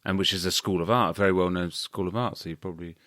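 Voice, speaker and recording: A man from the United Kingdom with a very deep voice hosts an interview. He listens closely and murmurs agreement, and his voice is recorded dry and close. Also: fairly even intonation, fast talker, a bit bright, dry recording. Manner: attentive, with frequent murmured agreement. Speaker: host, interviewer. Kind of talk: interview chat.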